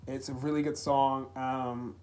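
A young man hosting his own podcast, talking earnestly and haltingly about personal struggles in a heartfelt, emotional way. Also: mid-range voice, little pitch movement, a little mellow, slight background noise. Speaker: podcast host. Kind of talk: solo confessional podcast talk.

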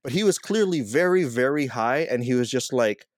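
A man's voice: medium pitch, expressive, moderate pace, no room sound, studio quality. A man telling a funny party story in casual chat, laughing and swearing as he goes.

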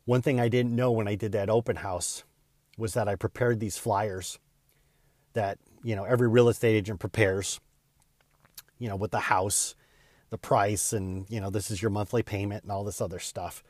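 Earnest low-voiced man telling a story. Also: steady tone, a little mellow, dry recording, studio quality. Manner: earnest and heartfelt, speeding up and slowing down with emotion. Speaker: real estate agent and podcaster. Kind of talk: personal storytelling.

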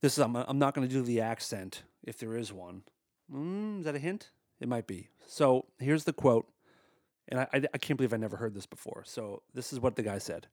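A man's voice: medium pitch, lively intonation, a little fast, a little mellow, dry recording, studio quality. A married man hosting a comedy podcast, talking in a casual monologue that is exasperated, sarcastic and full of swearing. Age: adult, married.

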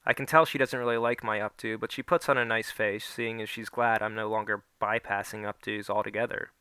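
A man's voice: little pitch movement, a little fast, bright, forceful tone, smooth, dry recording. Man reading a first-person story. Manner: voices the characters with small pitch shifts. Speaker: narrator.

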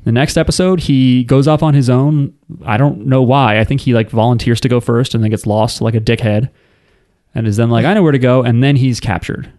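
A man's voice: medium pitch, steady tone, normal speed, darkish tone, dry recording, studio quality. A man co-hosting a casual podcast, recapping an anime with crude jokes and acted-out quotes. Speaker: podcast co-host.

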